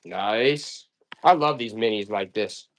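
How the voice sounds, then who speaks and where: A man's voice: on the low side, takes it slowly. A man selling vintage items on a live stream, chatting to viewers in a repetitive, hyped-up sales patter. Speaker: live auction seller.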